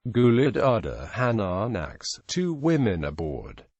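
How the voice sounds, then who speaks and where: A man reads an encyclopedia article aloud at an unhurried pace, his pitch rising and falling a good deal. He spells out words letter by letter in an even, read-aloud manner. The sound is dry, with no room around it. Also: no echo, highs cut off. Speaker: narrator.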